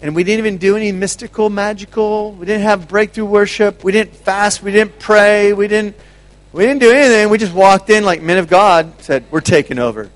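A man with a high voice gives an animated teaching talk to a gathered group. He laughs often and stumbles over repeated words as he tells his stories. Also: moderate pace. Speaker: ministry speaker.

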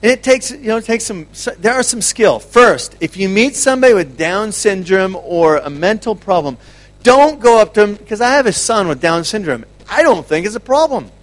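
A man giving an energetic teaching talk to a group, laughing often and repeating words as he goes. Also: high voice, normal speed. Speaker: ministry speaker.

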